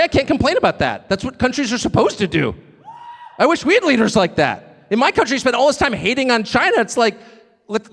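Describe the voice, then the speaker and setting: A man giving an animated, sarcastic, off-the-cuff speech to a live audience. He digresses and laughs at his own jokes. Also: high voice, creaky. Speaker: speaker addressing a live audience abroad. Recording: long reverb of a large hall.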